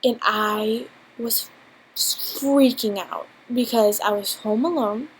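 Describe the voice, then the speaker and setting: This is a storytime vlog recorded indoors at home on a laptop mic, with some hiss or hum and rough quality overall. The young woman's voice sits on the high side, and she takes her time, rambling, giggling and leaning on fillers.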